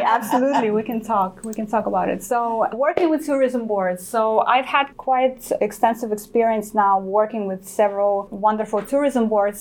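A woman teaching travel journalism, speaking quickly and practically to a live audience in a room. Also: medium pitch, a little mellow. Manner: quick, talks very fast; practical and encouraging, speaks straight to listeners. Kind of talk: live presentation to a small room.

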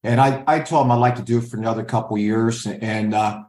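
A man's voice: lowish voice, fairly even intonation, quick pace, darkish tone. An older man working as a scout, answering interview questions with anecdotes and acting out what other people said. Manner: storyteller who acts out others' lines. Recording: roomy echo.

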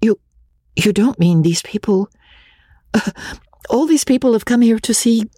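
Brief: woman reading as a pleading, anxious middle-aged woman for an audiobook; raised, husky voice. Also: a little high, expressive, unhurried, warm tone, dry recording, pitched above the performer's own voice. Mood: distressed. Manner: urgent, pleading. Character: distressed middle-aged woman returning home. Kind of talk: audiobook character voice.

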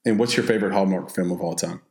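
A man hosting a casual interview, chatty and quick to laugh. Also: low-pitched, a little mellow. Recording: roomy echo.

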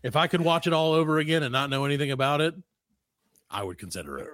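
A man's voice: a little high, big pitch swings, fast, a bit bright, no room sound. A man co-hosting a podcast in casual chat, joking around and slipping into goofy impressions. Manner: jokey, breaks into goofy impressions. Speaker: podcast co-host.

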